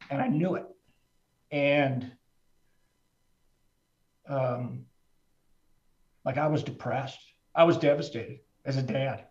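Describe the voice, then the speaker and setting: A middle-aged trader, appearing as a guest in a conversation, tells his personal story in a fairly high voice, speaking candidly, plainly, and from the heart with casual restarts. The audio is roomy and somewhat dull, like it was captured in an echoing space.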